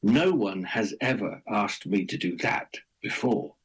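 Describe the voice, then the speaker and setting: A man voicing a monstrous male serpent in a told tale, speaking low and gruff, then with wonder. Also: expressive, a little slow, rough recording.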